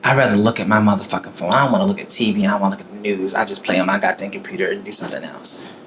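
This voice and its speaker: A man's voice: lowish voice, steady tone, very fast, background noise. A man on his own video giving a heated, profane, emotional rant about politics. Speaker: vlogger. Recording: roomy echo, faint ambience.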